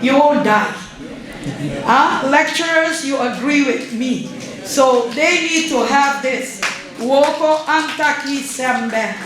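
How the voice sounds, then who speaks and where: A middle-aged woman from Suriname, giving an unhurried, conversational guest lecture as an ambassador and often checking in with her audience. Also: sits high, a crowd in the background. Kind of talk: public lecture. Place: large university lecture hall. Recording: very echoey hall, faint room ambience.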